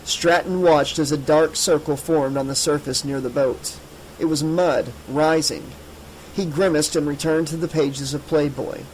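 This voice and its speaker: A man reading an audiobook in a measured, steady voice. His voice sits somewhat high for a man, with a faint room tone behind him. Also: slight background noise, poor audio. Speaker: audiobook narrator. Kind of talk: scripted narration.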